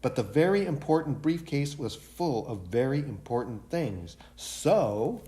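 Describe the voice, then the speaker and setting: A man, a library director, reading a picture book aloud for a children's storytime in an expressive way. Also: medium pitch, unhurried.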